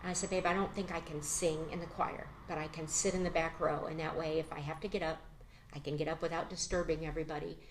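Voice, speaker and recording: A middle-aged woman giving an emotional personal testimony as an interview guest, soft-spoken and halting, with many pauses and restarts. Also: low-pitched, little pitch movement, a little hiss or hum.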